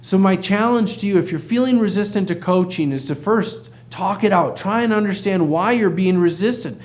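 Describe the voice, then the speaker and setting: A man with a high, light voice gives a motivational talk as a practice coach. He speaks earnestly and with emphasis, and keeps putting rhetorical questions to his listeners. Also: moderate pace. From United States.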